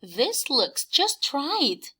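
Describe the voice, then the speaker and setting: A woman doing a small lost girl bug, high and plaintive. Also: sing-song, extremely slow, pushed and bright, full character voice. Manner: earnest, plaintive questioning. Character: small lost female bug seeking a home.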